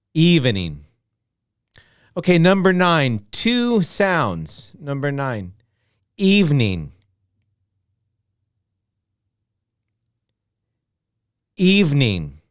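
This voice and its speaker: An American man teaching beginner English, saying each word slowly and clearly, then repeating it. His pitch moves a lot as he models the words. The sound is smooth and dry, recorded close up. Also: big pitch swings, a bit bright, no echo. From United States. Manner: drills words slowly, repeating each one with many "okay"s. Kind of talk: slow, repetitive beginner English lesson.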